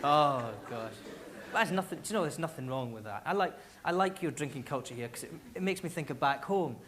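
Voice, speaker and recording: Scottish man, stand-up comic, high voice; live concert hall recording with a heavy audience roar. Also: noisy background. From Scotland. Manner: storytelling, animated, quick asides. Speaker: stand-up comedian. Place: large concert hall stage. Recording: live theatre recording, loud crowd laughter.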